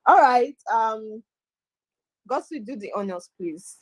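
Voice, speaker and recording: A Nigerian woman with a fairly high voice co-hosts an online webinar. She hypes the audience and teases her co-host, mixing English with Pidgin. Her voice sounds dry and close over the call. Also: takes it slowly, no room sound, poor audio. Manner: hype, teasing, energetic. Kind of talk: lively casual chat with Pidgin.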